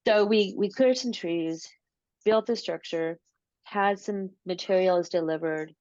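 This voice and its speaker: A woman guest in an interview, telling a personal story in a casual, animated way, often repeating words and acting out what she said. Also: mid-range voice, a little slow, dry recording, highs cut off. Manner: animated, repeats words, acts out her own quotes.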